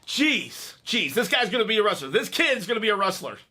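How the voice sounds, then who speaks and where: Bright-voiced, jokey male reaction host. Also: high voice, sing-song, brisk. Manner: chatty, jokey, laughs at own stories. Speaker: wrestling reaction video host. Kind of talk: casual reaction commentary.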